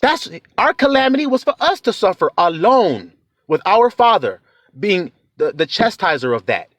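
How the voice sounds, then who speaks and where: A man's voice: sits high, big pitch swings, normal speed, fairly bright tone, no room sound. A man preaching a confrontational, profane rant, taunting his listeners and firing off rhetorical questions. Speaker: online preacher.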